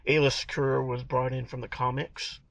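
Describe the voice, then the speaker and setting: A man's voice: mid-range voice, little pitch movement, fairly quick, vocal fry, fairly bright tone, no room sound, low-quality recording. A man co-hosting a podcast, chatting casually and rambling through detailed fan explanations. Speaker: podcast co-host.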